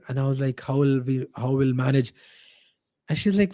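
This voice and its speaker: A man from India, a podcast guest telling a personal story in a halting way, full of fillers and restarts. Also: medium pitch, dark tone, no room sound.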